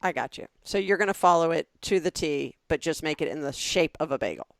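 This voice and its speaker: A woman from Alabama in her forties, co-hosting a casual sister podcast and firing off quick questions and reactions. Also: low-pitched, creaky, no room sound, studio quality. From Birmingham, Alabama. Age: 40s. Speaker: podcast co-host.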